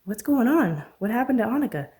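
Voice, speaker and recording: A man's voice: very high voice, sing-song, fairly quick, darkish tone, voice pushed up. A woman reading a supportive male friend in an audiobook, reassuring though shaken.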